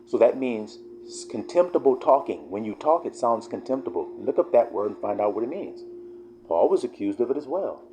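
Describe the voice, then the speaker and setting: A man's voice: mid-range voice, big pitch swings, fairly quick, warm tone, a little hiss or hum. A man preaching in a fiery, emphatic, profanity-laced sermon style. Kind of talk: street-style sermon vlog.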